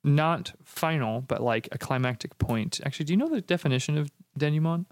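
A man's voice: a little high, a little fast, no room sound. Playful, reflective man co-hosting a podcast. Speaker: podcast co-host. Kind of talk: casual conversational podcast.

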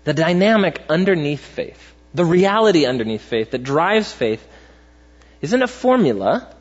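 A husky-voiced young man preaches in a relaxed, chatty way, tossing out "right?" as he goes. His voice sits a little high for a man. The sound is dull and muffled, with a long reverb tail from a big hall. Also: moderate pace. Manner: conversational, animated storytelling with frequent "right?" and "like". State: tired. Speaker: pastor. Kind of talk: sermon. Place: large church hall.

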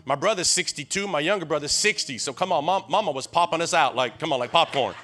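Talking fast in a slightly high voice, a sixty-something man from Tennessee preaches as a guest in the pulpit. His folksy storytelling keeps breaking off and starting again while he calls out to the congregation, urging them on in lively call-and-response.

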